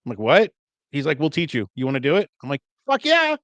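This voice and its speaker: A man on a podcast telling a story in casual chat, relaxed and dry, with many fillers. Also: medium pitch, very fast, no echo. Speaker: podcast co-host.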